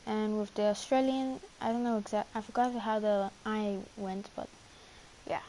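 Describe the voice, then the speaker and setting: A woman's voice: medium pitch, fairly even intonation, moderate pace, mellow. A woman rambling through casual gameplay commentary, self-mocking and full of fillers and restarts. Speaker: gamer streaming a match. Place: home, indoors. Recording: clear background noise.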